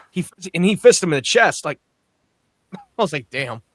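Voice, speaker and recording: A man's voice: on the high side, animated, measured pace. A man co-hosting a casual chat about a TV episode, talking bluntly and swearing often. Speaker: podcast co-host. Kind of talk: casual show review chat.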